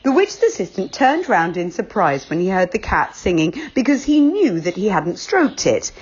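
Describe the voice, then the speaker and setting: A woman reading a children's book aloud, expressive and unhurried. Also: mid-range voice, slightly rough, dull audio.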